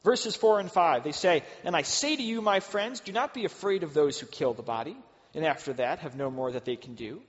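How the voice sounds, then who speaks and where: A middle-aged man giving a sermon as a pastor, earnest, rising to loud emphasis and dropping to hushed asides. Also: on the high side, lively intonation, a little fast. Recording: dull sound with long hall reverb.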